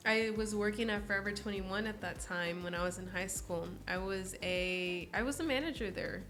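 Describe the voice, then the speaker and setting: Over soft background music, a podcast guest in her early twenties speaks at a moderate pace in a mid-range, fairly bright voice. Her casual interview chat is full of expressive storytelling, complete with impressions of the people she quotes.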